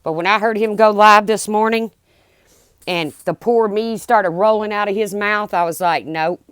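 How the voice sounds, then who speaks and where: A woman's voice: mid-range voice, normal speed, a bit bright, smooth, no room sound. A middle-aged woman ranting bluntly and heatedly on her livestream, swearing as she talks to her viewers. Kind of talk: angry livestream rant.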